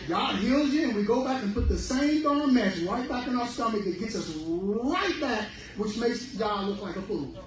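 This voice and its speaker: A high-voiced man preaches about health, animated and emphatic. He is heard from a distance in a very echoey room. Faint noise sits under his voice. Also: moderate pace, few pauses. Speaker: speaker on fruitarian health. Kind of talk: sermon-style health talk.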